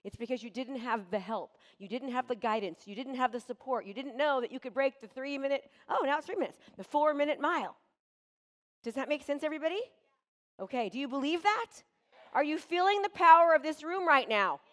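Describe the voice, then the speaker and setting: High, energetic woman in an echoey hall. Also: fairly quick. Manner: animated, energetic storytelling. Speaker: real estate coach. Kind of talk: motivational seminar talk. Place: large room with a live audience. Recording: long hall reverb from a live venue.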